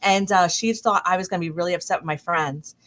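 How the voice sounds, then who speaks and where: A middle-aged woman hosting a casual chat stream, telling a long anecdote with fillers and lively quoted voices. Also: fairly low pitch, fast. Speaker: stream host.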